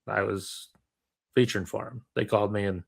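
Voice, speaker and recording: A man, a comedian, telling a story in relaxed casual chat over a remote call, with plenty of fillers. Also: fairly low pitch, moderate pace, creaky, slightly rough. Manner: relaxed, rambling with many fillers.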